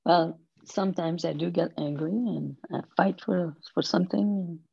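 A woman in her eighties, an interview guest telling stories slowly and thoughtfully, laughing softly now and then. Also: lowish voice, creaky, slightly rough, no echo, muffled recording. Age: 80s. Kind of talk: storytelling in conversation.

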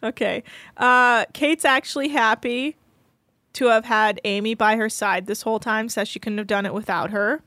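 A woman co-hosting a podcast in casual chat, recapping a reality show with playful, crude jokes and quick mimicry. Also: fairly high pitch, fairly even intonation, bright, forceful tone, no echo. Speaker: podcast co-host.

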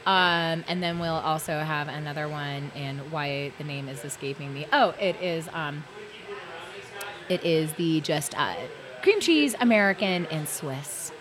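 A woman, a marketing coordinator guest, chatting in a bubbly, animated way. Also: sits low, unhurried. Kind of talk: casual podcast chat. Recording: crowd noise in background.

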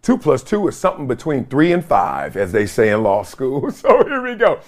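A man's voice: mid-range voice, huge pitch swings, moderate pace. A man hosting his own show from his home basement, talking straight to a camera in slangy casual commentary and laughing often. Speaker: podcast host. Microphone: video camera or phone.

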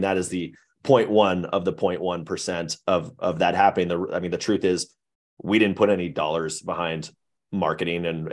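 A man guesting on a podcast, explaining candidly and at length in a rambling, self-correcting way. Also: sits low. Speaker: guest, web series creator. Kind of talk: casual podcast conversation.

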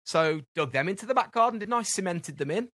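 A man's voice: high-pitched, expressive, quick pace, fairly bright tone, no echo, studio quality. A British man co-hosting a podcast, rambling through everyday anecdotes in casual chat and acting out the dialogue. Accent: British English. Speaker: podcast co-host.

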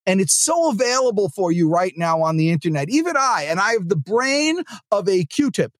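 An animated male podcast host whose pitch leaps and dips as he delivers an upbeat, jokey sales pep talk. His voice is dry and close, with no room sound behind him. He pushes hard on his big points and tosses off quick comic asides. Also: dry recording. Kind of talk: motivational podcast monologue.

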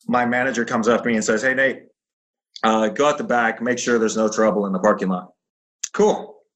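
A man's voice: lowish voice, brisk. A middle-aged man, a former fighter, telling stories casually and acting out the voices of the people in them. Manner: animated storyteller acting out quoted voices. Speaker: guest, former pro fighter. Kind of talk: casual storytelling.

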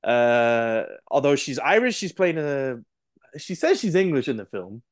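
A man's voice: mid-range voice, sing-song, a little slow. A man guest on a film podcast, talking casually and animatedly, often acting out what others say.

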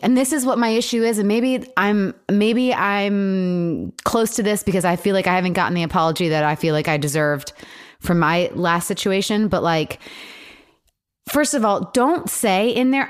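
A woman in casual chat, getting heated and animated as she talks, with lots of fillers. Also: medium pitch, normal speed.

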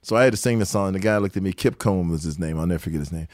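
An older man with a low voice, a guitarist and songwriter, shares rapid-fire anecdotes as a guest in an interview. He acts out quotes and laughs a lot, and the recording is dry, echo-free, and studio quality.

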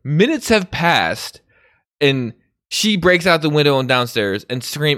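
Animated man in casual film chat. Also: a little high, unhurried, no echo, studio quality. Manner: animated, swears, acts out scenes.

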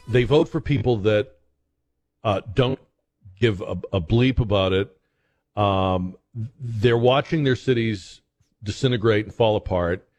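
A man hosting a talk radio show, commenting in a conversational, halting way with frequent fillers and restarts. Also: mid-range voice, a little mellow.

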